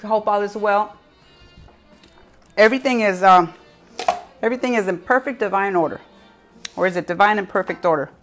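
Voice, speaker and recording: A woman's voice: medium pitch, brisk, long pauses, soft background music. A woman hosting a casual live cooking show, chatty and giggly, talking to her viewers with a piece of bread in her mouth.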